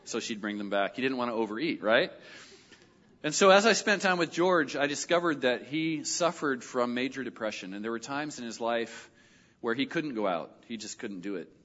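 A middle-aged male pastor telling a personal story in a sermon, animated and lively when he quotes other people. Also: medium pitch, normal speed. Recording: dull audio with long hall reverb.

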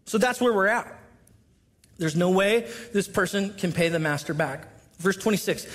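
A man's voice: high-pitched, normal speed, a bit bright. A male pastor preaching a conversational sermon, reading scripture aloud and explaining it with sudden drops and rises in volume.

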